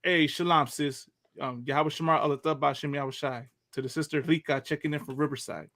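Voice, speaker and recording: Male talk-show host, casual preacher vibe, chatty with fillers, slightly high voice, dry close sound. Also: steady tone, a little fast, a bit bright, no room sound. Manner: loose, chatty, laughs often, fillers like "you know what I mean".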